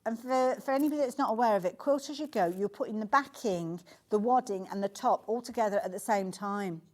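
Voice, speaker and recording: A woman's voice: mid-range voice, fairly quick. A woman presenting a live shopping channel demo, gushing and chatty in her sales patter. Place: TV studio.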